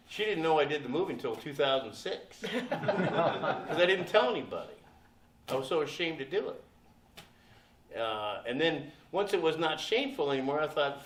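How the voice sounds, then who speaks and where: A man in his sixties, a guest at a convention panel, telling a profane, laughing anecdote and acting out the people in it. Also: on the high side. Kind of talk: anecdotal storytelling to an audience. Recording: echoey room from a distance.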